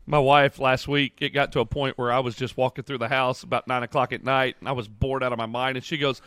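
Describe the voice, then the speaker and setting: A podcast host in his home studio chats casually in a friendly way and announces upcoming meetups. His medium-pitched voice moves little in pitch and has a fairly bright tone, and he talks quickly with hardly any pauses. The recording is dry.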